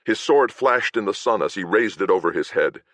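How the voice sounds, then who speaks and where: Deep-voiced male audiobook narrator. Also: expressive, normal speed, a bit bright, dry recording. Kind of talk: first-person audiobook narration.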